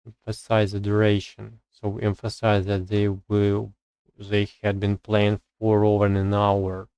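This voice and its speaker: A man with a smooth, lowish, monotone voice goes through English grammar exercises on a live stream. He reads rules aloud and reasons out loud, with hesitant pauses as words escape him, captured in a dry, low-quality recording.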